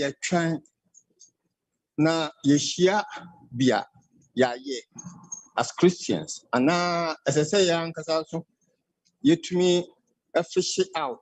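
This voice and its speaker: A Ghanaian man calling in to a radio talk show and asking questions, halting and switching between Twi and English. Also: fairly high pitch, no echo, rough recording.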